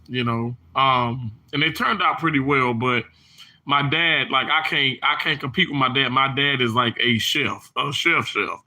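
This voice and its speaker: At normal speed and medium pitch, a man with a pushed, bright voice hosts a casual livestream. He goes on in long rambling stretches, greeting people by name as he reads their comments, with frequent restarts and fillers.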